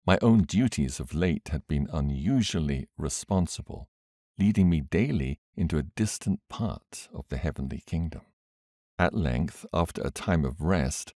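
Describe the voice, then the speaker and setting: A man narrating a book in a measured, expressive reading. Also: a bass voice, no echo, studio quality. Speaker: audiobook reader.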